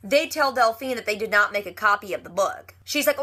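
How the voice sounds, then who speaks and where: A woman giving a casual TV episode recap, chatty and retelling scenes with quick quoted lines. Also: medium pitch, pushed and bright. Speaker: TV recap vlogger.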